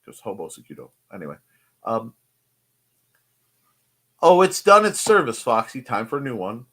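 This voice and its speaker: Lively bright-voiced man hosting a stream. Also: mid-range voice, normal speed. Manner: rambling, jokey, greets chatters. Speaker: live stream host. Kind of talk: casual live-stream chat. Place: home desk at his computer.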